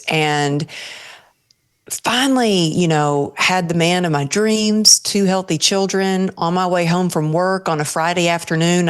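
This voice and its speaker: A woman's voice: on the low side, clear, resonant tone. A woman guest on an interview show, earnestly telling a personal story and acting out her own thoughts as she goes.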